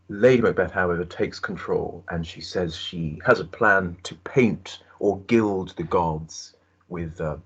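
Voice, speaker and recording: Male teacher, very deep voice, dull lo-fi recording, explanatory classroom delivery. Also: breathy edge. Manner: explanatory, asks the class questions.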